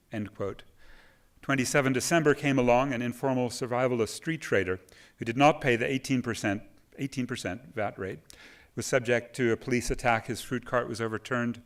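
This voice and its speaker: A man's voice: mid-range voice, brisk. A man speaking on a conference panel into a microphone, emphatic and quoting sources at length. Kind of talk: conference talk. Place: conference hall. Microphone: microphone at a podium.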